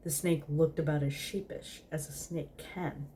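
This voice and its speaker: A woman's voice: low-pitched, steady tone, moderate pace, few pauses, mellow, slight background noise. A tipsy woman host reading a story aloud in a casual, giggly way, stumbling over words.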